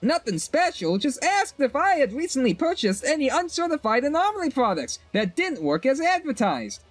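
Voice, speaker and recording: A man voicing a chatty young female shopkeeper in a strained high falsetto, with bubbly sing-song customer-service chatter. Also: sing-song, moderate pace, no echo. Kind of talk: game dialogue voiced by a streamer.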